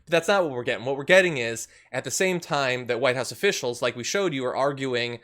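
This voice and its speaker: A man hosting a political commentary show, talking in a sarcastic, lively way with frequent laughs. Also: medium pitch, a little fast. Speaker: show host.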